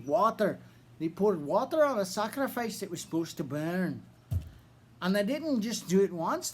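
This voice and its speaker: Guy doing a put-on irish accent telling a bible story, real slow and deliberate, folksy little asides. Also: high-pitched, a little hiss or hum. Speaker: ministry storyteller.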